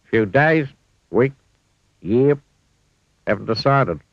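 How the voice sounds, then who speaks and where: A man's voice: mid-range voice, animated, slow pace, creaky, dry recording, highs cut off, pitched above the performer's own voice. A man reading a storybook aloud and voicing a cheerful, careless, clumsy little man. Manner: breezy, cheerful, carefree.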